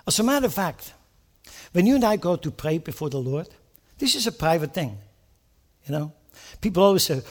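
Man, pastor, high-pitched, animated sermon, rhetorical questions. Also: a little fast. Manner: animated preaching with rhetorical questions and acted-out prayers.

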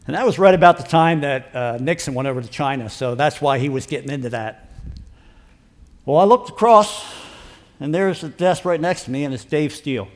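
A man in his sixties telling a personal story in a casual, rambling, folksy way, acting out the dialogue. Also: mid-range voice. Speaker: storyteller giving a personal testimony. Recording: long hall reverb.

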